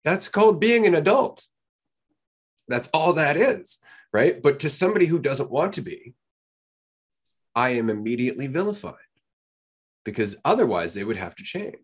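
A man's voice: fairly high pitch, big pitch swings, normal speed, long pauses, breathy edge. A man co-hosting a podcast in casual chat, blunt and swearing freely. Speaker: podcast co-host.

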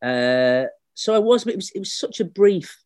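A man's voice: high-pitched, animated, moderate pace, darkish tone, no room sound, clean studio sound. Chatty man telling stories. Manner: chatty anecdotal storyteller, slips into voices for people he quotes. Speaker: actor and comedian guest. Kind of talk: casual podcast chat.

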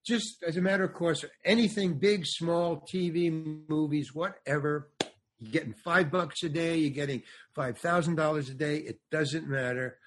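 Older man, husky, slightly high voice, animated storyteller, guest comedian. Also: normal speed. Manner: animated, acts out other voices. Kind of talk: storytelling anecdote in a podcast interview.

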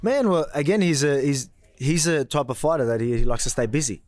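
A man's voice: medium pitch, fairly quick, a little mellow, no echo. A man with an Australian accent, a fighter in his thirties, chatting modestly in an interview with many fillers. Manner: modest, rambling, lots of fillers. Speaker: fighter guest. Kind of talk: casual interview chat.

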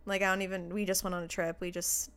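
A woman co-hosting a casual chat show, chatty and quick to laugh. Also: lowish voice, level tone, a bit bright, clean tone. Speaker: co-host.

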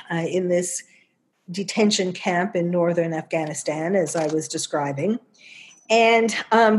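A woman's voice: mid-range voice, a little mellow. A woman with a New York accent giving casual spoken commentary, chatty, with many fillers and restarts.

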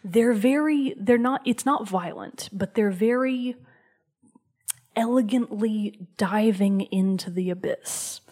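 A woman hosting a show, casually recounting a video game story and dropping into a soft whisper for emphasis. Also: mid-range voice, takes it slowly. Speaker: show host.

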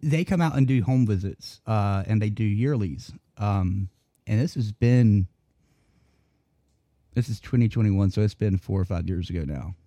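A man co-hosting a casual podcast chat, telling a story in an animated, profane way and laughing often. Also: lowish voice, normal speed, dry recording. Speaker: podcast co-host.

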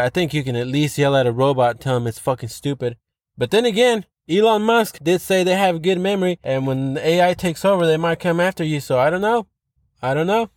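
A man's voice: fairly high pitch, a little mellow, no room sound, clean studio sound. A man hosting a podcast, reading online posts aloud and ranting about them in a profane, sarcastic, rambling way. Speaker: podcast host.

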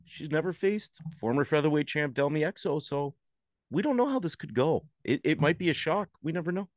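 A man's voice: fairly high pitch, expressive, fairly quick, no room sound, clean studio sound. A man co-hosting a casual wrestling prediction show, playful and teasing with hesitant fillers. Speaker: podcast co-host.

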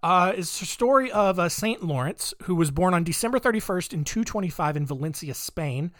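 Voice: medium pitch, animated, fairly quick, a bit bright, dry recording, clean studio sound. A comedy podcast host retelling saint stories in a sarcastic, rambling way, with many fillers.

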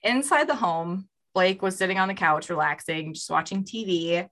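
A woman hosting a podcast tells a crime story in a relaxed, chatty way. Her voice sits a little low but sounds bright and forward. She narrates with fillers and asides. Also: normal speed. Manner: reads out a story with fillers, voicing quoted lines. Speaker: podcast host telling a true crime story.

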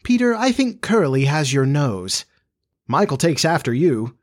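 A man's voice: fairly high pitch, big pitch swings, a little slow. A man doing a prim, motherly young girl. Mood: tender. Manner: prim, earnest.

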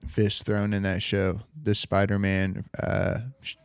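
A man's voice: on the low side, takes it slowly, gravelly, smooth, dry recording. A man chatting casually on a podcast, rambling and swearing as he tells stories. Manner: swears a lot, rambling and animated. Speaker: podcast host. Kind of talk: casual chat.

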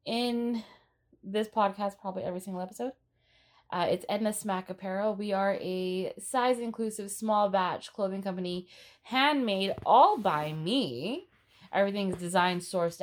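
A woman hosting a casual podcast, bubbly and teasing, often breaking into laughter as she chats with her co-host. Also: medium pitch.

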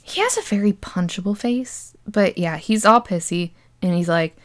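Young woman, casual podcast host, sarcastic and giggly, swears a lot, average pitch. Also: normal speed. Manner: sarcastic, laughs often, swears freely. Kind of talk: casual movie recap.

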